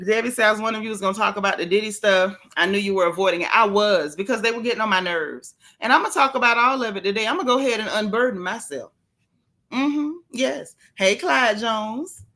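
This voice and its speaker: A woman's voice: medium pitch, a bit bright. A woman hosting a casual livestream, chatty and familiar as she greets her viewers one by one. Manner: playful and familiar. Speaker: livestream host.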